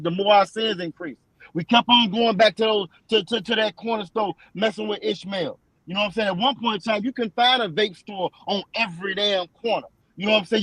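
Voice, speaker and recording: Emphatic high-voiced man preaching. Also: a bit bright, no room sound, low-quality recording. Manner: emphatic and repetitive, restates lines for stress; slows down when reading verses aloud. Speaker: scripture teacher. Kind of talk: preaching-style scripture discussion.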